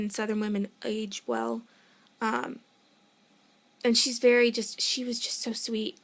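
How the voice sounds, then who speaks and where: A young woman telling a story in a casual vlog, excitable and rambling, often cutting herself off to start over. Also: on the high side. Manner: excitable, rambling, self-interrupting; gushing fan enthusiasm. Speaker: vlogger.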